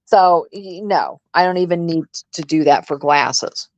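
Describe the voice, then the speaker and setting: A woman's voice: fairly low pitch, measured pace, no echo. A woman in her sixties co-hosting a live commentary stream, blunt, sassy and profane, acting out what people said. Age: 60s. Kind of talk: casual commentary chat.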